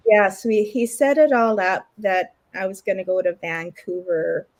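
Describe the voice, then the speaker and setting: A middle-aged woman from Canada tells her own story to an interviewer in relaxed, everyday speech. She brings other people in to life by quoting them, jumping up into livelier voices for them. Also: mid-range voice, moderate pace. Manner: animated retelling with lots of acted quotes. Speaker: interview guest. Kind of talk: casual storytelling.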